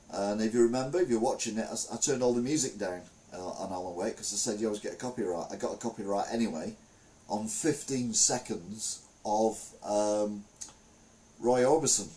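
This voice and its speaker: A man's voice: fairly low pitch, darkish tone. A middle-aged man chatting casually as a show host, rambling with lots of fillers. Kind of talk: casual chat.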